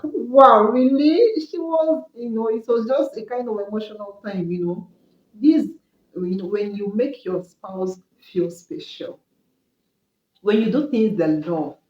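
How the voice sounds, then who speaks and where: Woman, mid pitch, earnest marriage-advice teacher, repeats key points, roomy dull recording. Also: warm tone. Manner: earnest, repetitive preaching cadence. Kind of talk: Christian relationship teaching.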